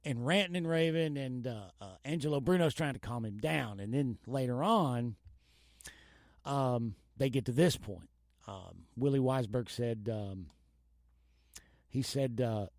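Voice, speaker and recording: A man's voice: medium pitch, measured pace, gravelly, a little mellow, no room sound, clean studio sound. Laid-back, profane male podcast host. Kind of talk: casual podcast chat.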